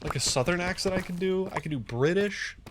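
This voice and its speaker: A live streamer chatting casually while playing a game. The talk is rambling and self-deprecating, with quick asides to chat. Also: mid-range voice, background noise. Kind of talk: casual gameplay commentary.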